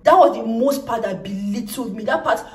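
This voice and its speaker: Animated young woman telling a story. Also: a little high, normal speed, recorded from a distance. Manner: animated, acts out quoted lines. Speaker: vlogger. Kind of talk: storytime vlog. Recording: echoey room, off-mic.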